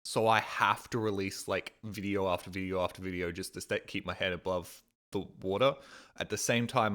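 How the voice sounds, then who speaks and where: A man's voice: low-pitched, fairly even intonation, normal speed, fairly bright tone. Australian streamer, male, young adult, loose rambling chat on a headset, swears a lot. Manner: rambling, swears casually, mimics voices in quotes.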